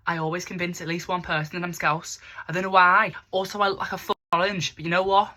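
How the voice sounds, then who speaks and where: Bright-voiced chatty young woman. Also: lowish voice, fast. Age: young adult. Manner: rambling, chatty, self-mocking. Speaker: makeup vlogger. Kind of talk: casual makeup tutorial chat. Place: bedroom.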